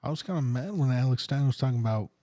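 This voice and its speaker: Male comedy co-host, mid pitch, mellow tone, dry one-liners. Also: fast talker, no room sound. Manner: dry quips and short backchannels. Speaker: podcast co-host. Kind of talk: casual comedy chat.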